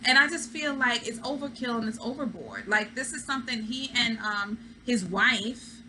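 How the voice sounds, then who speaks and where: A woman's voice: on the high side, animated, moderate pace, sharp tone, a little hiss or hum, low-quality recording. A woman hosting a reality TV recap, talking in a casual, opinionated way and acting out what people said. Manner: chatty, opinionated, acts out quotes. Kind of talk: casual commentary.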